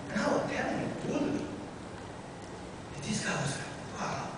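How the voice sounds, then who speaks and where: A man telling his testimony as a guest speaker in a church, animated and acting out the voices of the people in his story. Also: on the high side, normal speed, pauses often. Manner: animated, acts out quoted voices. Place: church sanctuary. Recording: echoey hall from far off, faint noise.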